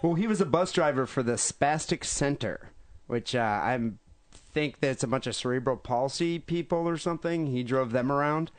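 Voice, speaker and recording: A man's voice: mid-range voice, moderate pace. A man co-hosting a podcast who retells a news story in an irreverent, joking way. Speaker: podcast co-host.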